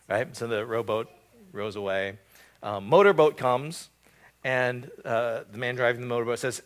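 A man's voice: mid-range voice, normal speed, fairly bright tone. A man preaching a casual sermon, with frequent fillers and repeated words. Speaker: pastor. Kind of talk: conversational sermon.

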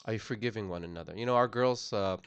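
A man delivers a sermon in a low, deep voice, earnest and conversational, repeating and restarting phrases. The sound is dry, with little room in it. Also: quick pace, clear, resonant tone, no room sound, lo-fi sound. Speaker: pastor. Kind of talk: sermon on forgiveness.

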